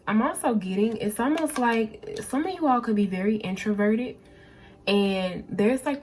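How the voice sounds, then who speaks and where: A woman's voice: medium pitch, darkish tone, slight background noise. A woman giving a pick-a-card tarot reading, talking casually and directly to her viewers and often repeating her phrases. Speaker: tarot reader.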